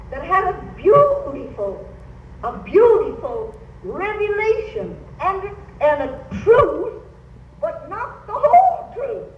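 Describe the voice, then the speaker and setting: Taking each phrase slowly, an older woman, a Pentecostal Bible teacher, preaches a sermon at a church meeting in a high, melodic voice that swings widely. Emphatic, she presses the congregation to say phrases back to her. The audio is dull, captured from a distance in a roomy church hall with faint noise.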